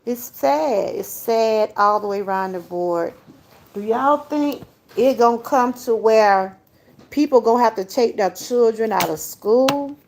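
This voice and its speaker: A woman's voice: on the high side, measured pace, gravelly, a little mellow, slight background noise. An older woman, hosting a casual livestream, chatty and laughing often as she talks straight to her viewers. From Georgia, US. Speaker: livestream host.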